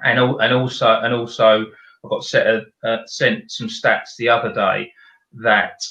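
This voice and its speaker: A man's voice: mid-range voice, steady tone, unhurried, pushed and bright, reverberant, lo-fi sound. A man with a South London accent, a podcast guest giving practical explanations in casual chat. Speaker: guest, video company director.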